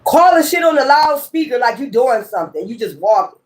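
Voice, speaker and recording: A high-voiced woman talks to her viewers as a tarot reader in a loose, heated monologue. She presses her points hard, swears freely and circles back to the same phrases again and again. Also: big pitch swings, brisk. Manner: emphatic, profane and repetitive. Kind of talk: casual ranting monologue.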